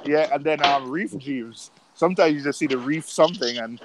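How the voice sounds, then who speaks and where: A man talks emphatically and holds strong opinions. His voice sits a little high for a man. Clear noise runs under the call. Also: moderate pace. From United States. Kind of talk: casual chat.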